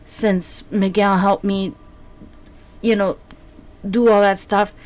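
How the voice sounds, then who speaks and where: A woman's voice: medium pitch, little pitch movement, takes it slowly, darkish tone. A woman streamer chatting casually with her viewers, rambling with many fillers and restarts.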